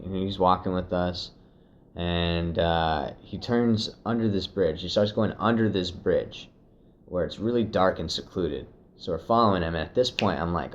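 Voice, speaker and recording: A young man casually telling a personal story, profane and animated, slipping into acted quotes. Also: sits low, slight background noise. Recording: dull lo-fi recording.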